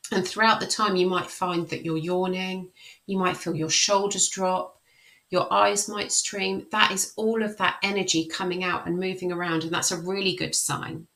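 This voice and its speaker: A woman guiding a self-help tapping session, with a bright, clear edge to her voice and a gravelly fry underneath. She repeats slow affirmations and then walks listeners through the method in a friendly, explaining tone. Her voice sits slightly low. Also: level tone, rough recording. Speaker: life coach leading a tapping session.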